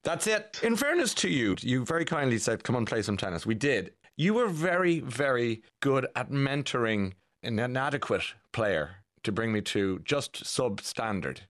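A male radio host with a lively, swooping voice teases his guest and laughs along. His talk is chatty and quick to joke. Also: medium pitch.

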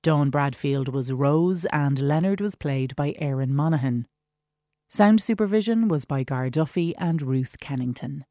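An Irish continuity announcer reading radio play credits in a measured, formal way. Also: medium pitch, dark tone, no echo, studio quality.

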